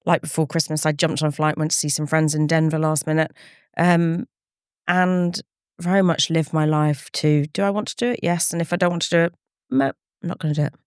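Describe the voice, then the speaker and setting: Earnest woman, lowish voice. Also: steady tone, a little fast, clear, resonant tone, no echo, studio quality. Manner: earnest, reflective, retells conversations in quoted speech. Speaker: campaigner guest. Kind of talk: candid interview talk.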